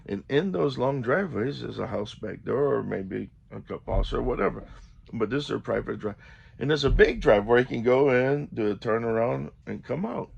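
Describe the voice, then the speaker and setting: A man's voice: mid-range voice, expressive, normal speed, gravelly, slightly rough, muffled recording. A man vlogging, telling a story casually and animatedly, acting out the quotes.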